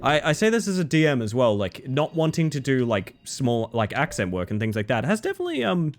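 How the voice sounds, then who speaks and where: A man's voice: mid-range voice, huge pitch swings, a little fast, faint music behind. Chatty swearing male streamer. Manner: candid, chatty, swears, restarts when thinking aloud. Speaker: game streamer. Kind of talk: casual live-stream chat.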